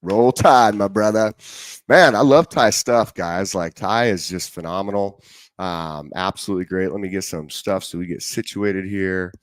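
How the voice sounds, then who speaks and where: A man's voice: sits low, normal speed, clean tone, dry recording. A man hosting a casual live stream, greeting chat viewers one by one and chatting loosely. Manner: chatty, greets viewers by name, trails off while setting up. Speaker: live stream show host.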